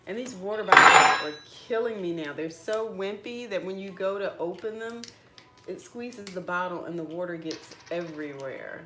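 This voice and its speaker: Low-voiced woman. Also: sharp tone, slight background noise. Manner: chatty and rambling, lots of "like". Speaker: vlogger. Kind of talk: casual chat while eating breakfast.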